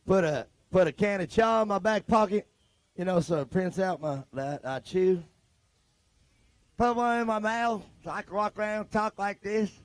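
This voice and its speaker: High-voiced joking race track announcer. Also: male voice, lively intonation, measured pace, long pauses, no echo. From Modesto, California. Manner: joking, rambling banter. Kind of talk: live race commentary.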